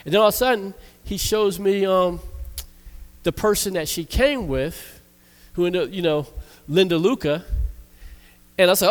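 Minister with a raised voice in a reverberant church. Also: male voice, high voice, normal speed. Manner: lively storytelling, laughs and acts out quotes. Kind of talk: sermon with personal story. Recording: long reverb of a church hall.

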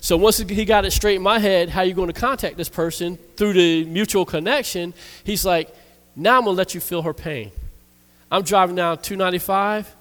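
A man, a church minister, preaching a sermon that tells a personal story in a lively way, voicing the quoted lines. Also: high voice, normal speed. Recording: long reverb of a church hall.

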